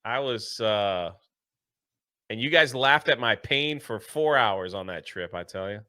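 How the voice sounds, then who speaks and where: Bright-voiced wistful man. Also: lowish voice, expressive, measured pace. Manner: wistful, self-pitying storyteller. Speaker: podcast co-host. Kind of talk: casual chat.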